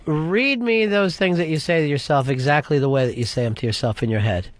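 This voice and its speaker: A man's voice: a little high, brisk. A man hosting a talk radio show, blunt and profane, needling his co-host. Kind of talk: casual talk radio chat.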